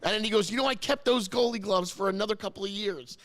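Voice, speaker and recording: Man, high voice, New Jersey, host, casual chat, rambling, repeats himself, choked up. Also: fast talker, a bit bright. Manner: rambling storyteller, repeats words, gets choked up.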